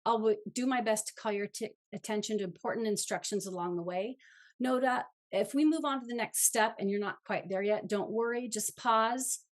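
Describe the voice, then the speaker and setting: A woman's voice: mid-range voice, moderate pace. A woman co-hosting an online cooking class, reading prepared remarks and going through the plan in an organized way. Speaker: co-host. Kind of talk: scripted class introduction.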